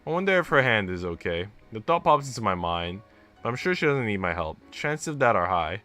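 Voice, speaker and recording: A man streaming himself reading a visual novel aloud, expressive and reacting out loud between lines. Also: on the low side, a little fast, soft background music. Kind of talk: dramatic read-aloud with commentary.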